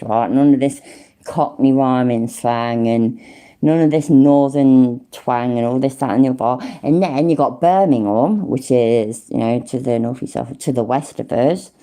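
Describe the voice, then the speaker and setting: A woman's voice: a bass voice, mellow. A woman with an East Midlands accent, chatting casually and swearing on a livestream, greeting viewers and answering the chat. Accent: East Midlands English. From English Midlands. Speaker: livestream host.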